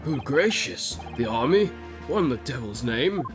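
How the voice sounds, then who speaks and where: A man's voice: mid-range voice, sing-song, close to an everyday voice. A man reading as a stern formal judge. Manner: formal, measured, stately diction. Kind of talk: game dialogue read aloud. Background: game music.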